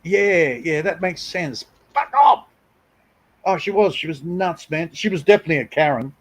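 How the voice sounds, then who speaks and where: A man's voice: on the high side, brisk, rough recording. A middle-aged man, chatting on a live stream in a blunt, crude, mocking way. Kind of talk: casual chat.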